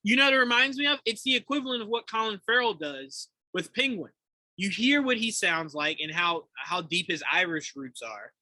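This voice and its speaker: A man co-hosting a podcast in casual chat, animated and laughing often, acting out quotes as he talks. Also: high voice, moderate pace, no room sound, poor audio. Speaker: podcast co-host.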